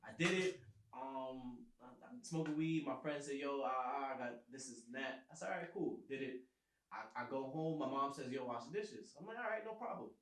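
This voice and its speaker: A man's voice: mid-range voice, normal speed, fairly bright tone. A man on a podcast casually telling a laid-back story and laughing along with it. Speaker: podcast co-host. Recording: roomy echo.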